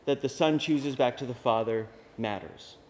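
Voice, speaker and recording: A male Dominican priest gives a conversational homily with wry asides. His voice is mid-pitched, with a long reverb from the church around him. The recording is dull and lo-fi. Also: normal speed, a little mellow.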